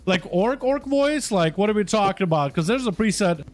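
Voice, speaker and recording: High-voiced young male game streamer. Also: animated, normal speed. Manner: loose, profane and chatty with viewers. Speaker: gaming streamer. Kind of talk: casual livestream chat. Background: faint music.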